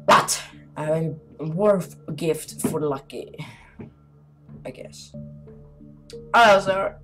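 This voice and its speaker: A woman with a low, slightly bright voice and drawn-out words gives casual commentary while playing a horror game, faint music behind her. She chats with her viewers, jumpy and easily startled, laughing nervously.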